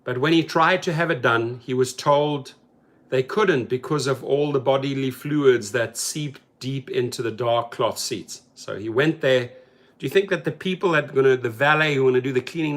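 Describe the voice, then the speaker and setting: A man's voice: mid-range voice, normal speed. A man hosting a rideshare channel, talking casually and animatedly about a news story and acting out the people in it. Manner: animated, talks to viewers as "bro", acts out quotes.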